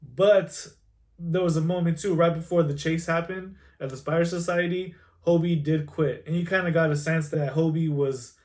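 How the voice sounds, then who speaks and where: Excited young man reviewing a movie. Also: a little high, moderate pace. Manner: excited, rambling, frequent laughs and fillers. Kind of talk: casual spoken movie review.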